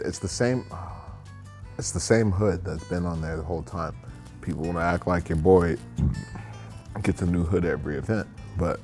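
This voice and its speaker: Young man, low voice, lively swinging pitch, tipsy, rambling, profane, casual drunken interview. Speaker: interview guest.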